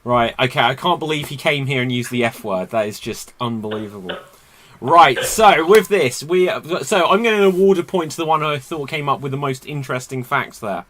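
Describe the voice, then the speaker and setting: Bright-voiced playful comedy host. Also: male voice, medium pitch, expressive, a little hiss or hum. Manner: playful, quick to laugh. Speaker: game show host. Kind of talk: upbeat comedy show hosting.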